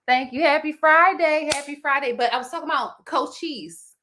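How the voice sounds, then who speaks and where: A woman with a Philadelphia accent co-hosts a casual live chat, her voice bright and a little high. She tells stories in an animated, emotional way, slipping into snatches of song as she goes. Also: normal speed, a little hiss or hum. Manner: animated, breaks into singing, emotional storytelling. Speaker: podcast co-host.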